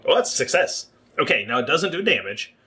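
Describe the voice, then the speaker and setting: A man's voice: fairly high pitch, sing-song, a little fast, bright, forceful tone. A man narrating as game master for a livestreamed tabletop game, explaining the rules at length.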